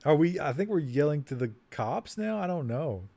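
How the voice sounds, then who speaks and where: A man's voice: on the high side, very animated, normal speed, vocal fry, dark tone. A man co-hosting a text adventure stream, chatting casually and easygoing as he types in story prompts. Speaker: co-host typing into a text adventure game. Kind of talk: casual game chat.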